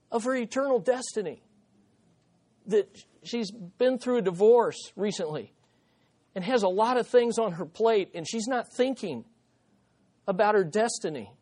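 A man preaching a teaching sermon as pastor, earnest and animated, telling a story and asking repeated rhetorical questions. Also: high-pitched.

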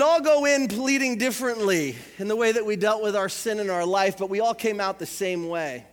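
Male pastor, high bright voice, animated storyteller, hall reverb. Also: a little fast, few pauses. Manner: animated, acts out voices in anecdotes, repeats words. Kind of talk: sermon with acted family stories.

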